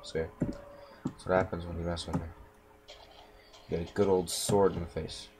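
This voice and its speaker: Mumbling to himself while he plays, a man gives casual gameplay commentary from his home room. He has a deep voice with little pitch movement and a moderate pace, and the noisy recording picks up keyboard clicks.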